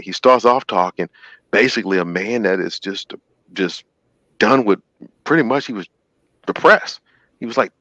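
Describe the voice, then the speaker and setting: A man hosting a call-in show, retelling a story in an animated, sermon-like way and acting out the quotes. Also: lowish voice, dry recording, lo-fi sound.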